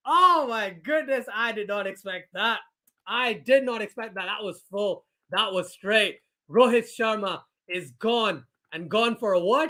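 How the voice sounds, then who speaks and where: A young man with a high voice hosts a live cricket watchalong stream. He commentates on the play in a chatty, casual way and breaks into excited shouts when a wicket falls. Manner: chatty, reads viewer comments aloud, bursts into excited shouts. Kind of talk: live commentary and chat reading.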